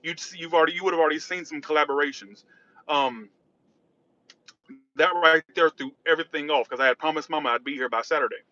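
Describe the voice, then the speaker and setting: He talks fast in a slightly high voice that sounds pushed and bright, with the high frequencies cut off. A tarot reader, he's livestreaming from behind the wheel of a car, rambling casually and reacting to what chat says.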